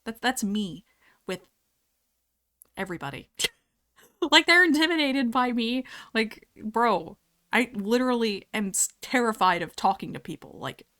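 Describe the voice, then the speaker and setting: A woman's voice: a little high, lively intonation, a little slow, pauses often, bright, forceful tone. Chatty, giggly young woman streamer. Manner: chatty, giggly, reads chat aloud. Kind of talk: casual chat with live chat.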